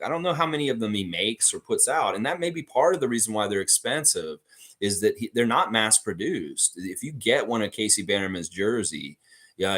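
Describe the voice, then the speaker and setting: A man's voice: fairly low pitch, husky. A man hosting a casual live stream, talking animatedly with frequent swearing and reading out viewer comments. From Canada. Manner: animated, profane, reads viewer comments aloud. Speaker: livestream host.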